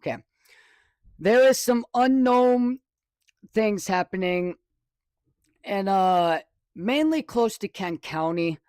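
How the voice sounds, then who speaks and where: Excitable high-voiced man streaming the weather. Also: takes it slowly, pauses often, no room sound. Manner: rambling, self-correcting, excitable. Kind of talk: casual live weather stream commentary. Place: home live stream studio. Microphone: desk microphone, close.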